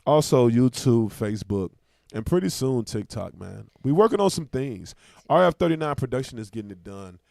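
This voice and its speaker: A man hosting a casual podcast, talking fast and emphatically as he argues his points and plugs the show. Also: medium pitch, lively intonation, gravelly, a little mellow, no echo, clean studio sound. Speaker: podcast host. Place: small indoor studio.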